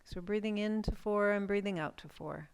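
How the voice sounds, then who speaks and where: A middle-aged woman leading a chair yoga class, giving calm, gentle cues for breathing and stretching with casual asides. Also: mid-range voice, normal speed, clear, resonant tone. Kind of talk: guided class instruction.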